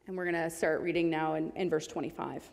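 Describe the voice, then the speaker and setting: A woman's voice: low-pitched, fairly even intonation, quick pace, vocal fry. A woman giving a sermon in an earnest, conversational way, reading scripture aloud along the way. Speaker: preacher. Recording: long hall reverb.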